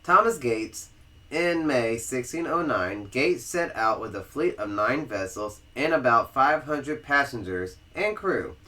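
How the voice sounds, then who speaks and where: A man's voice: medium pitch, expressive, a little slow, pushed and bright. A man with a Southern American accent, co-hosting a podcast and reading history aloud, stumbling over words and restarting as he goes. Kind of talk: casual read-aloud with banter.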